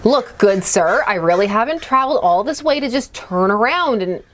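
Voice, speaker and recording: A woman's voice: fairly high pitch, expressive, moderate pace, lightly acted. A woman voicing a polite but insistent male traveller in a game.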